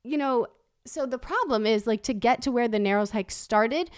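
A woman in her thirties recounts a story in loose, casual chat. Her speech wanders, leans on "like" and breaks into laughter. Her voice sits fairly high and sounds smooth and clear, recorded dry and close. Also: moderate pace, dry recording. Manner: chatty, rambling, many "like"s, laughs often.

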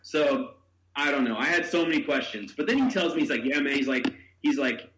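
A man's voice: mid-range voice, lively intonation, a little fast, roomy sound, background noise. A man hosting a podcast, telling a story in casual chat. He acts out the quotes with big jumps in his voice, swears and laughs. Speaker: podcast host.

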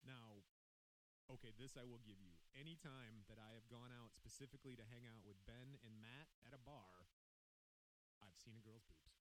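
A man's voice: mid-range voice, moderate pace, poor audio. A man co-hosting a casual podcast, telling a story with wry asides and reading quotes aloud. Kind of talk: casual chat. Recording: faint hiss.

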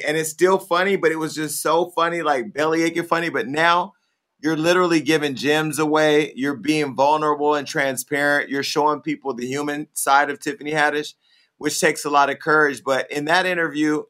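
A man's voice: a little high, fairly bright tone. A man hosting a casual interview, asking long, rambling questions with many fillers. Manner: rambling, chatty, hesitant questions. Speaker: host.

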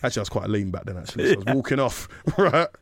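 A man's voice: lowish voice, animated, very fast, gravelly, no room sound, studio quality. Swaggering London man telling a story. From East London, England. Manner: swaggering, profane, laughs through his story. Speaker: podcast guest. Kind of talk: animated anecdote telling.

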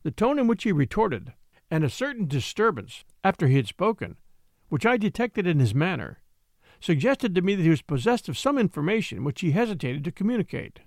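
A man reading a classic novel aloud as an audiobook narrator, in measured storytelling. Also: high voice, very animated, darkish tone, no room sound, clean studio sound. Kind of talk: scripted narration.

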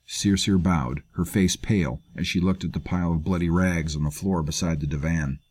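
A man narrating a grim fantasy story in a measured, grave manner. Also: sits low, darkish tone. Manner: measured, grave, performs all characters. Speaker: audiobook narrator. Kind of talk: scripted narration.

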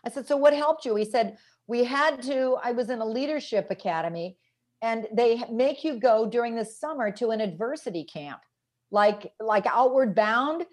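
A parenting author appears as a guest on an animated podcast, speaking at a moderate pace in a slightly high voice. She talks about raising boys, energetically telling stories and quoting the kids and parents she interviewed.

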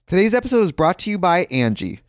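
A man's voice: sits high, very animated, fast talker, dry recording. Guy doing a chatty host-read ad, dry close mic. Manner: conversational, personal asides. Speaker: podcast host reading an ad.

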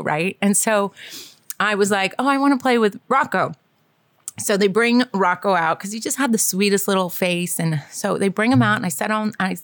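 Podcast co-host: woman in her forties, lively chatty storyteller who laughs a lot, close and dry. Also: mid-range voice, dry recording. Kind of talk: casual storytelling chat.

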